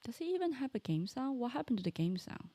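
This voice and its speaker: A woman's voice: fairly high pitch, big pitch swings, quick pace, warm tone, no room sound. A woman casually commenting while playing a video game, thinking aloud and trailing off mid-sentence. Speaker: gaming streamer. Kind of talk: casual let's-play commentary.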